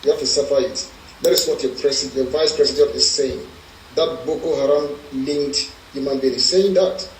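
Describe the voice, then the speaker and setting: A man's voice: medium pitch, moderate pace, a little hiss or hum. Defiant Nigerian man, distant and echoey. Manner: emphatic, defiant, repeats declarations. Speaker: political commentator. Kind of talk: impassioned political speech. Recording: roomy echo, distant mic, faint music.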